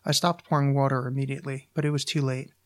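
A podcast host reading his own short story aloud in an even, measured way. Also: mid-range voice.

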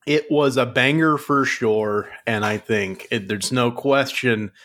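Male podcast co-host, deadpan mock-serious delivery, mid-range pitch. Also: takes it slowly. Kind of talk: casual comedic chat.

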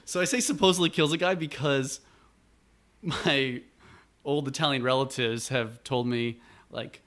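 Speaking at medium pitch and a little slowly, a Buffalo, New York man tells a family story as a guest. The chat is casual, and he's lively and meandering, performing the quotes.

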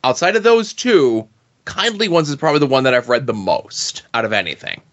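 A man's voice: mid-range voice, sing-song, brisk, a bit bright, highs cut off. A man co-hosting a podcast, rambling casually about rereading a comic series. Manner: rambling, with fillers and restarts. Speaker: podcast co-host. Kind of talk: casual comic-book chat.

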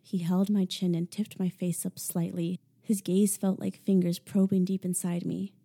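Woman narrator for a first-person audiobook; measured, intimate, dark warm tone. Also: fairly low pitch, flat delivery, creaky, husky.

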